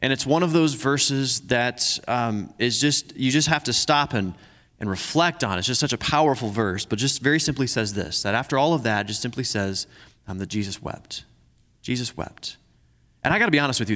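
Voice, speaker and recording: A man preaching a sermon, earnest and halting, who repeats himself and slows down to read scripture softly. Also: mid-range voice, animated, in a large hall. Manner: earnest, restarts often, reads scripture slowly and softly. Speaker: pastor.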